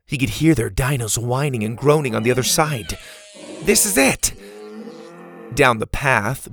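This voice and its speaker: A man narrating a children's adventure story, with lively reading that jumps up loud and high for the characters' shouts. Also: vocal fry, slight background noise.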